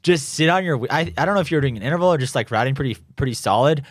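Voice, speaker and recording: A young triathlete who competes professionally talks in a rambling, filler-heavy way during a relaxed interview at his Boulder home, often restarting and laughing at his own stories. His medium-pitched voice is expressive and rapid-fire. It is captured in clean studio sound with no room sound.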